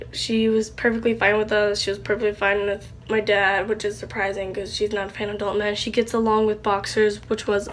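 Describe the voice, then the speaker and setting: A young woman, likely a teen, talking in a casual vlog, rambling and halting with many fillers, tearful with a stuffy nose. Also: medium pitch, slight background noise. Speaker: channel host.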